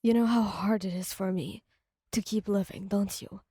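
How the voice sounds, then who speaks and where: A woman voicing an angry, weary young man in a whispered role-play, low, tense and resentful. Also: fairly even intonation, normal speed, dark tone, husky, no echo, studio quality, natural voice.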